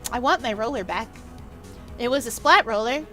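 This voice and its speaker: Bubbly woman streamer, lively sing-song delivery, faint music behind. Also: a little high, normal speed. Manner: bubbly, playful, with exaggerated outbursts. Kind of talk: casual live-stream chat.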